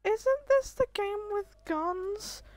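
A woman's voice: very high voice, expressive, slow pace, darkish tone, dry recording, voice pushed up, full character voice. A woman voicing a timid, nervous male cartoon bear soldier who stammers and whines. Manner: stammering, reluctant. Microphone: headset.

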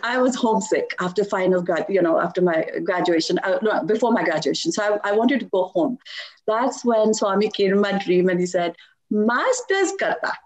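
A middle-aged woman sharing personal devotional stories in a lively talk, laughing often as she tells them. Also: mid-range voice, brisk. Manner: animated storytelling with frequent laughs.

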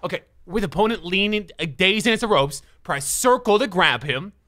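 A man streaming a video game live, panicking and shouting at the screen, then muttering the on-screen instructions to himself. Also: high voice, moderate pace. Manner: excitable, yelling in panic at the game; mutters instructions under his breath. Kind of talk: live gameplay commentary. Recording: game music behind the voice. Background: game music.

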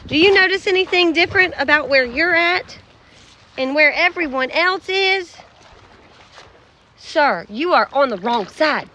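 A woman vlogging from a field on her farm, talking straight to her animals. Her voice sits high and swoops up and down, full of exclamations. The phone picks up plenty of outdoor noise around her. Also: expressive, a little slow, bright, forceful tone. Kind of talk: casual farm vlog.

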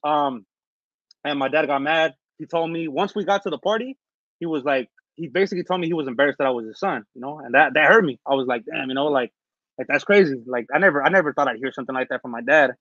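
A man from Northern California telling his story in a casual interview, rambling with fillers and restarts, recovering from being sick and clearing his throat. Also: fairly high pitch, fast talker, pushed and bright, no room sound. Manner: rambling, many fillers and restarts, street slang. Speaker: interview guest. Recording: dull, lo-fi dry recording.

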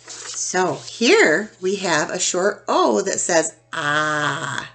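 Slow, gravelly-voiced woman teacher. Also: lowish voice, big pitch swings, fairly bright tone, a little hiss or hum. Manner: slow, deliberate, sounding out letters one by one. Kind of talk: children's phonics lesson.

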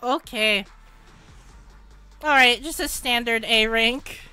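An excitable woman narrates her gacha pulls in a high, bright voice with an unhurried pace. Her delivery is dry and close, with faint music playing underneath. When luck strikes, she bursts into shrieking, repeated exclamations. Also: clear, resonant tone, no echo. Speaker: gaming channel host. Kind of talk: casual gacha pull commentary.

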